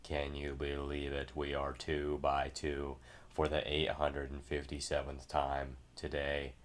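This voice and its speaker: A man putting on a mock race announcer voice, lowered and slow. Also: monotone. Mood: mock-amazed.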